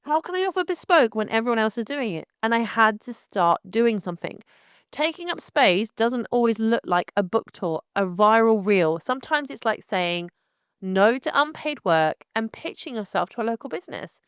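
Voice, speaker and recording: A middle-aged woman from Devon and Somerset with a light West Country accent, hosting a casual solo podcast in a frank, animated way and calling the listener darling. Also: fairly high pitch, normal speed, clean tone, no echo, studio quality. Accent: light West Country English. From Devon and Somerset, England. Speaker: podcast host.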